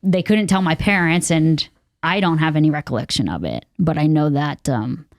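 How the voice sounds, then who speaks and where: A young adult woman from Texas, appearing as a podcast guest, shares an earnest, candid personal testimony full of fillers and acted-out quotes of what people said. Her voice sits low with lively intonation at a normal pace, recorded in a clean studio with no echo.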